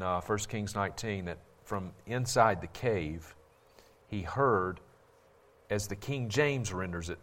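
A man Bible teacher giving a critical, sermon-style commentary, forceful and insistent and repeating his points for emphasis. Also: sits low.

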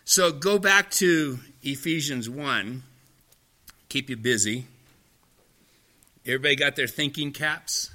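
A man's voice: mid-range voice, slow, pauses often, pushed and bright. A man teaching a Bible study class in a folksy way, drifting into anecdotes.

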